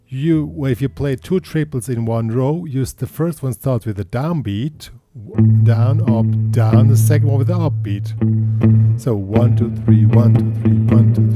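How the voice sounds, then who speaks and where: A man teaching guitar, explaining in halting bursts with restarts, counting beats aloud as he plays and checking in with the listener. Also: mid-range voice, no room sound. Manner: checks in with the listener after points. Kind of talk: guitar tutorial. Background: loud guitar playing.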